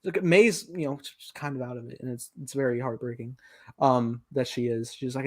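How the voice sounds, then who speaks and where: A man's voice: mid-range voice, fast talker, darkish tone. A young man co-hosting a casual film review podcast, animatedly retelling scenes and acting out quoted lines. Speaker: podcast co-host.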